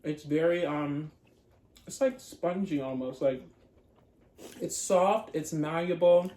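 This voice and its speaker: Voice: mid-range voice, slow, warm tone. Chatty mukbang host in an echoey room. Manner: playful and chatty, addresses viewers as y'all. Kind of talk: casual chat while eating. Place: home room with dogs nearby.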